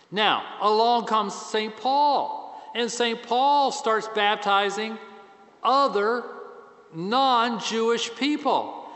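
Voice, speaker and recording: High-voiced, unhurried priest preaching. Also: male voice, big-room sound. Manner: conversational, self-deprecating preaching with animated swings. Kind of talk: sermon.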